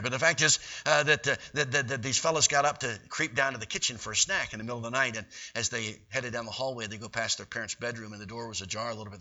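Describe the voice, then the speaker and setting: Fast, bright-voiced folksy preacher. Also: male voice, mid-range voice. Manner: folksy, animated storytelling. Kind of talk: sermon storytelling. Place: church. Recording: dull, distant recording.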